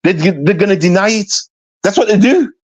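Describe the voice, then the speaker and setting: A man's voice: high voice, animated, moderate pace. A man ranting bluntly and confrontationally into the camera, repeating himself for emphasis. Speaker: vlogger. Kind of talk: ranting commentary.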